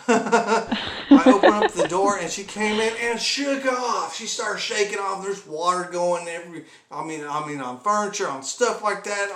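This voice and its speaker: A man tells comic stories in a rambling, chuckling manner, full of exaggerated asides. His voice sits a little high, with room echo and clear steady noise behind. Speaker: comedy vlogger. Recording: echoey room with background noise.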